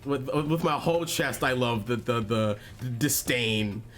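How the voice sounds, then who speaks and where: Halting man chatting over a game. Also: medium pitch, a bit bright. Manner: halting, repeats words, laughs often. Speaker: host of gaming stream. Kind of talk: casual chat while playing a game. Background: faint game music.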